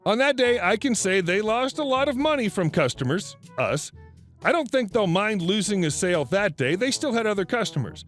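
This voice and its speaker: Man narrating with a lively, high voice. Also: moderate pace, soft background music. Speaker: story narrator. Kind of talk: scripted first-person story narration.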